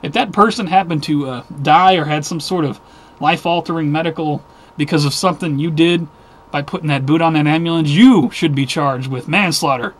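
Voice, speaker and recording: A man's voice: fairly high pitch, brisk. A man hosting a casual weekly news video, rambling and restarting as he rants about the stories. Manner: rambling, restarts, easily worked up.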